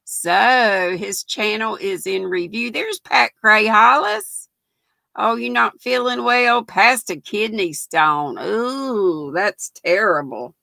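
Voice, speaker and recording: Gravelly older woman chatting. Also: medium pitch, animated, slow, bright, forceful tone, no room sound. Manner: folksy, greets viewers by name. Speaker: livestream host. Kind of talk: casual livestream chat.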